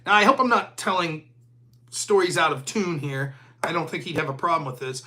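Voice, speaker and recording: A man's voice: on the high side, lively intonation, moderate pace, bright, forceful tone, slight background noise. A man of forty hosting a live stream, talking in a profane, heated rant. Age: 40s. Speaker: host.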